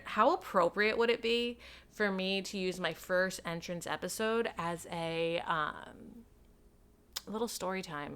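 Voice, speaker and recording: A woman's voice: mid-range voice, fairly bright tone. A woman in her thirties from New York, hosting her own podcast and telling stories in a chatty, self-deprecating way with playful asides. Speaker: podcast host. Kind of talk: casual solo storytelling.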